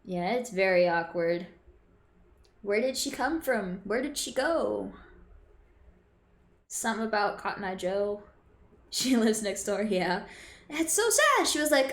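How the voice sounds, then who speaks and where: A woman's voice: medium pitch, animated, measured pace, pauses often, reverberant. A woman streaming a game and chatting casually with her viewers. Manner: chatty, laughing, reacting to chat. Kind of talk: live gameplay commentary.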